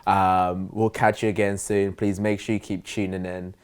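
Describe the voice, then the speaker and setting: A man's voice: sits low, level tone, normal speed, clean tone. A man hosting a podcast, easygoing and agreeable, with plenty of "yeah" and "um". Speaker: podcast host. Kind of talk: casual chat.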